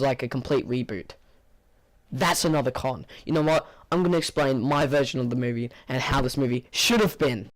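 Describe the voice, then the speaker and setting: A man with a medium-pitched, hoarse, weary voice gives an offhand spoken movie review. He rambles, full of fillers and false starts, sounding flat and bored.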